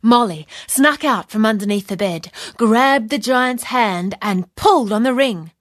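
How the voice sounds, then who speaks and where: A woman reading a children's fairy tale aloud in slow, expressive storybook narration. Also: fairly high pitch, no room sound, studio quality.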